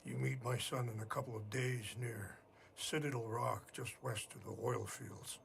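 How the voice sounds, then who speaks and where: A man playing a weary older tribal chief in a game cutscene, speaking slowly and solemnly. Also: medium pitch, steady tone, gravelly, a little hiss or hum. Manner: slow, solemn and measured.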